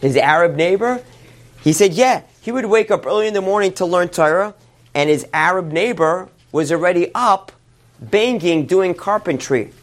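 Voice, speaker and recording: Male rabbi, sermon storyteller, animated retelling. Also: high voice. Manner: animated retelling, quick asides.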